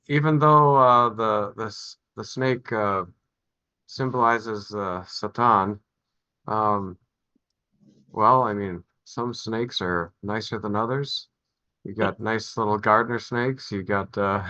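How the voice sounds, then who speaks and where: A man with a fairly low but bright, forceful voice muses on a video call, halting and full of fillers. The sound is dull and dry. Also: no room sound. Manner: halting, rambling, with many fillers. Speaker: participant in a Zoom class. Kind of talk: casual chat on a video call.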